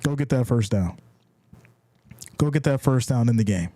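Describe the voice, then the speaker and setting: A man's voice: mid-range voice, lively intonation, normal speed, dry recording. Hyped man calling plays on a live stream. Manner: hyped, shouting and cheering on big plays; reads viewer chat aloud. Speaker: live stream game reaction host. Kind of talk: live play-by-play reaction stream.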